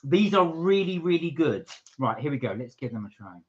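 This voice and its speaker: A man's voice: fairly high pitch, very animated, normal speed, muffled recording. A man co-hosting a casual live stream from England, chatting and reading viewer comments aloud.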